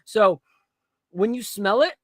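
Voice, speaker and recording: A podcast host in casual chat about basketball and whiskey, blunt and animated, with plenty of slang. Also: medium pitch, slow, dry recording, studio quality.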